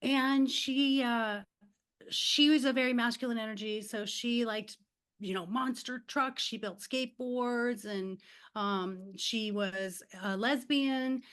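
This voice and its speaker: A woman's voice: fairly high pitch, slow pace, fairly bright tone, smooth. A middle-aged woman, a life coach and podcast guest, telling stories in a casual chat, acting out quotes and laughing often.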